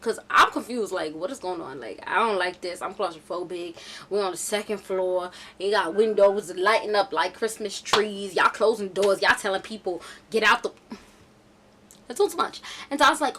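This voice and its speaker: A young woman vlogger telling a casual storytime, chatty and animated with slangy asides. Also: mid-range voice, normal speed, slight background noise.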